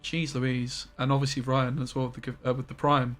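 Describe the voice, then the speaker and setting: A young man streaming a card game, chatting excitably to his viewers and breaking into loud, surprised yelps. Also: medium pitch, brisk, faint music behind. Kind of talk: live-stream commentary.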